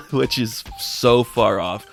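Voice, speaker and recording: A man giving a casual, excited comic book review, rambling and briefly voicing characters as he retells scenes. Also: medium pitch, extremely slow, creaky, soft background music.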